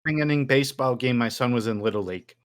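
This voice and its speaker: A man's voice: medium pitch, racing, a crowd in the background. Man, sports podcast co-host, casual chat, dry sarcastic humor, laughs easily.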